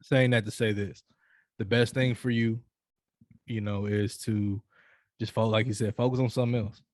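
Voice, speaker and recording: A man's voice: on the low side, steady tone, normal speed, no room sound, studio quality. A man co-hosting a casual chat, telling stories and giving loose, profane advice with lots of restarts. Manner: loose, profane, preachy storytelling with repeated restarts. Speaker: podcast co-host.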